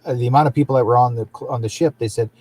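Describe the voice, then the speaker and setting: A man's voice: mid-range voice, rapid-fire, darkish tone. Rambling male talk show host. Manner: rambling, frequent restarts and fillers. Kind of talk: casual interview chat.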